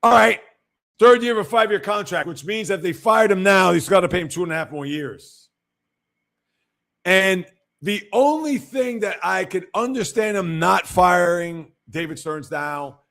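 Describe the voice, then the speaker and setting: A man's voice: high voice, normal speed, creaky, a bit bright. A man hosting a casual sports livestream, giving blunt opinions and reacting to viewer comments. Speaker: sports show host.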